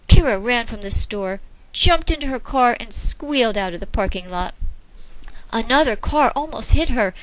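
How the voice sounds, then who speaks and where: A woman reading a children's storybook aloud with expressive feeling. Her voice sits fairly high and the sound is dry and close. She is easily moved by the story and breaks off to comment. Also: dry recording, poor audio. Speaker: storybook reader.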